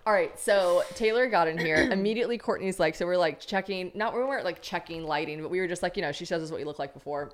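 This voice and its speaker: A woman's voice: fairly low pitch, fast talker, few pauses. Brash, profane woman podcast host. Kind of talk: casual podcast chat.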